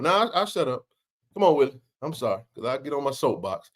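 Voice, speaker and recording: Animated slangy man hosting a sports chat. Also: mid-range voice, fast talker. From Mississippi. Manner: animated storyteller, slangy and emphatic. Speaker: show host.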